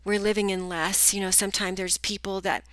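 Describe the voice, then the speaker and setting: A woman's voice: mid-range voice, flat delivery, fairly quick, a bit bright, no room sound. A middle-aged woman hosting a solo coaching podcast, chatty and upbeat, speaking straight to her listeners, a bit groggy today. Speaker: podcast host, business coach.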